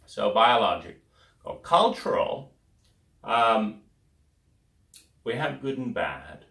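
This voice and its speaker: A man's voice: fairly low pitch, very animated, takes it slowly, gravelly, sharp tone, roomy sound. A man giving a rambling lecture, trailing off into fillers and "da, da, da.". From United States. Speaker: speaker on relationships.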